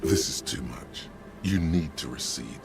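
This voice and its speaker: Game narrator, very low voice, gravelly, slow, ominous second person, music behind. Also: male voice, lively intonation, heavy background noise, full character voice. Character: grave male inner narrator voice. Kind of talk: game voice acting.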